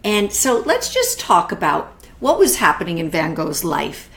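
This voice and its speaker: A middle-aged woman hosting a live online art class, chatty and warm with viewers, greeting them by name and often restarting her sentences. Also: lowish voice, wildly swooping pitch, a little slow, creaky. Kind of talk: live-streamed casual art talk.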